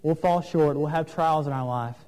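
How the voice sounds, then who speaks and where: A man preaching an earnest sermon, asking questions of his listeners, with some pauses and fillers. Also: a little high, darkish tone, clear, resonant tone. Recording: long reverb of a large room.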